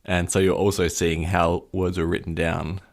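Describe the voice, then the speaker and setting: Low gravelly-voiced male podcast co-host. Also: flat delivery, normal speed. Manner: curious, analytical, asks questions. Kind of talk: casual chat.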